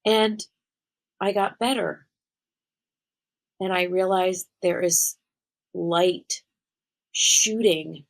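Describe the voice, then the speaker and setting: A woman with a low voice tells a personal story as a spiritual medium. She sounds earnest and speaks straight to her listeners. She slows down to lean on the words that matter. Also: gravelly, rough recording. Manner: earnest, addresses listeners directly.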